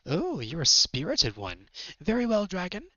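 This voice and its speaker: A man's voice: sits high, huge pitch swings, measured pace, pushed and bright, lo-fi sound, pitched above the performer's own voice, full character voice. A man voicing an arrogant, formal-speaking armored horse-woman knight who commands soldiers. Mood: haughty.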